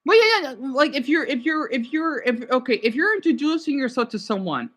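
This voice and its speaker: A woman's voice: sits high, sing-song, fairly quick, fairly bright tone. A woman hosting a livestream, chatting casually with viewers and often restarting and correcting herself. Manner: rambling, restarts and self-corrections. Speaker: livestream host.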